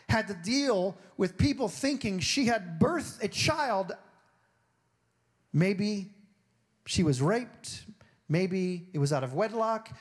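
A man preaching a sermon with a somewhat high-pitched voice. He talks in a loose, conversational way, sinking low and hushed for scripture and rising sharply when he makes a point. He often slips into other people's voices to make the story vivid. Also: husky. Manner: swings between low, hushed reading and high, emphatic stretches. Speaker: pastor.

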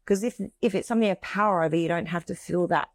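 A middle-aged woman co-hosting a conversation, speaking haltingly and searching for words as she opens up about feelings. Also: on the low side, no echo. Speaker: podcast co-host. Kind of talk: casual emotional conversation.

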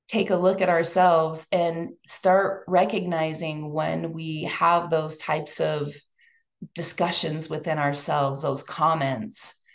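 A woman's voice: on the low side, creaky. A woman giving a chatty, emotional talk to a live audience. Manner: chatty and emotional, lively asides. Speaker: speaker at a women's event.

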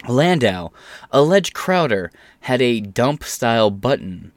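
A man's voice: mid-range voice, big pitch swings, slow pace, dry recording. A man in a mid-range voice hosts a casual commentary show. He talks bluntly and sarcastically and swears freely. The sound is dry and close to the mic.

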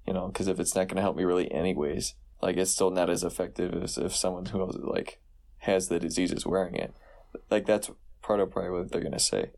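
A man's voice: low-pitched, brisk, creaky, a little mellow. A young man co-hosting a casual podcast, laid-back and joking, with a lot of filler words. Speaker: podcast co-host. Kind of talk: casual chat.

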